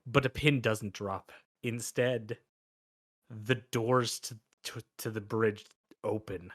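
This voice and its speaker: A man's voice: on the low side, fairly even intonation, fairly bright tone, no echo. Male game master, casual narration, dry close sound. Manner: casual, halting, lots of restarts.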